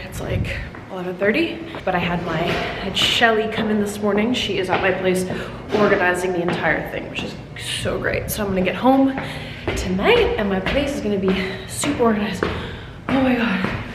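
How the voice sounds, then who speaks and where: A woman's voice: medium pitch, moderate pace. A woman vlogging to camera at her office studio, out of breath, chatting casually with laughs and fillers. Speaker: lifestyle vlogger. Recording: echoey room with loud background noise.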